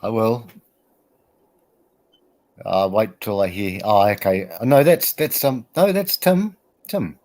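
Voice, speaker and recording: Rambling New man, low voice. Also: lively intonation, slow, pauses often, a little mellow. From New Zealand. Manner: rambling, laughs often, many fillers. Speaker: host. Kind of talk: casual online group chat.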